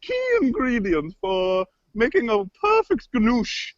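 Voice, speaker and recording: A man's voice: very high-pitched, wildly swooping pitch, slow pace, full character voice. A man improvising a proud, touchy woman TV chef who rambles and stalls on filler words, in a comedy scene over a lo-fi online call. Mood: chirpy. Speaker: improv performer. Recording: dull lo-fi online call audio.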